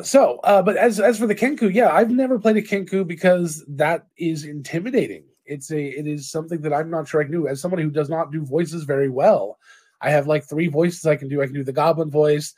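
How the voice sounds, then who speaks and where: A man's voice: fairly high pitch, darkish tone, husky. A man co-hosting a casual tabletop gaming stream, rambling and self-deprecating. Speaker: co-host, dungeon master. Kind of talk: casual chat.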